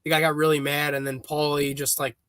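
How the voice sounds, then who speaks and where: A man's voice: a little high, monotone, fairly quick, fairly bright tone, smooth, dry recording. A man hosting a podcast, recounting scenes in a loose, rambling way with many fillers. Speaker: podcast host. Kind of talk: casual chat.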